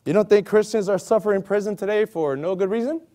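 A man preaching an animated sermon, exclaiming loudly and acting out the voices of the people in his stories. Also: sits high, fast talker. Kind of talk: animated sermon with acted-out scenes.

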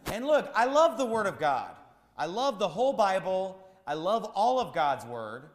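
A man preaching a sermon as pastor, repeating his points with rising, shouted emphasis. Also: high voice, sing-song, normal speed, reverberant, in a large hall.

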